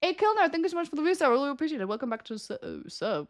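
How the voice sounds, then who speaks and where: A woman's voice: high voice, big pitch swings, rapid-fire, few pauses. A young woman streaming and chatting casually with viewers, giggling often and ranting with plenty of swearing. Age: young adult.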